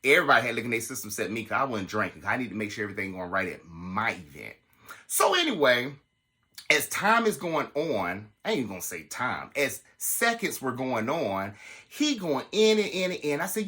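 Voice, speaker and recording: A man telling a personal story to his viewers in a casual, animated and profane way. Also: medium pitch, moderate pace. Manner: animated, profane, dramatic retelling.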